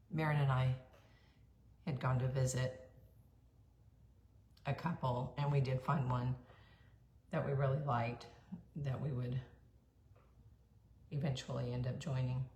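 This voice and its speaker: A middle-aged woman telling her life story in a chatty monologue, with fillers, throat-clearing and quick asides. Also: very deep voice, darkish tone. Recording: echoey room, faint background hum.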